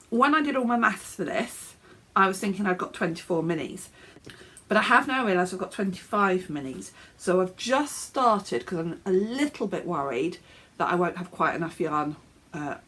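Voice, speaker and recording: A woman's voice: fairly low pitch, fairly bright tone. An English woman hosting a knitting podcast, sounding a bit snuffly and chatting casually from her home office with fillers and small laughs. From England. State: snuffly, coughing. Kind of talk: casual show-and-tell chat.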